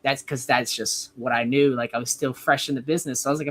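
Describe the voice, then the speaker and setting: A man's voice: medium pitch, expressive, fast talker, hardly any pauses, a bit bright. A young man in his twenties, a wrestler guest telling a casual story, rambling with lots of "like". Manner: rambling, heavy use of "like".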